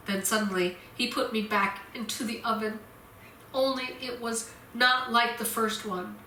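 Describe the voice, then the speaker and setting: Woman minister, sermon, slow deliberate delivery, echoey church sanctuary. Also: fairly high pitch, bright, forceful tone, slight background noise. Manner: slow, deliberate, repeats key points. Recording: roomy church echo.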